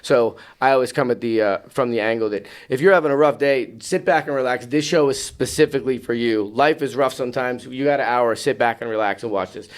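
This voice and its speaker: A man who announces BMX shows, telling an animated story in a podcast studio and acting out what people said in loud, raised voices. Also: medium pitch, a little fast, few pauses.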